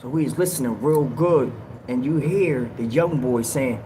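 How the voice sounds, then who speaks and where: A man hosting a livestream, telling a story in a casual, slangy, animated way and acting out what people said. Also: mid-range voice, moderate pace, noisy background. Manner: animated, slangy, acts out quotes in raised yells. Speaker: livestream host.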